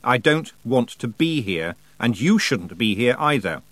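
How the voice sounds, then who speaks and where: A man's voice: medium pitch, big pitch swings, a little slow, no echo. A man voicing an indignant young girl witch who snaps and talks back defiantly. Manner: sharp, snapping, defiant.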